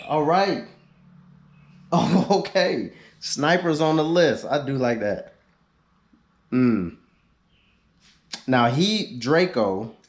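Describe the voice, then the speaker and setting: Male vlogger, unhurried and easygoing, mid-pitched, joking asides. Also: a little mellow. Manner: laid-back, drawn-out, joking asides. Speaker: YouTube car vlogger. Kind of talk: casual chat reading viewer suggestions.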